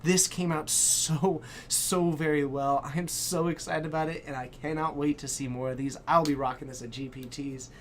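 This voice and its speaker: A man's voice: a little high, steady tone, normal speed, few pauses, a little hiss or hum. Hyped man hosting a live stream. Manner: hyped, exclamatory, shouts in bursts. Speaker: stream host. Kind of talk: excited live-stream chat.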